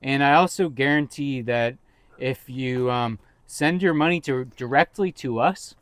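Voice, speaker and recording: A man's voice: mid-range voice, a little slow, fairly bright tone, no room sound. A man co-hosting a podcast in casual chat, rambling and teasing his co-host with jokes.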